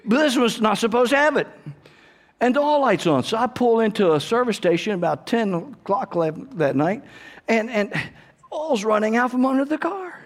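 A man's voice: extremely high pitch, animated, moderate pace. A man, preaching a sermon and telling a personal story, often restarting and calling out for amens. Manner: repetitive restarts, call-and-response amens. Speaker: pastor.

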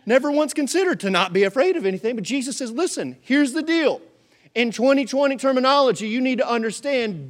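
Animated pastor man preaching, high voice. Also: brisk. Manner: animated, acts out voices and jokes. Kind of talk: sermon.

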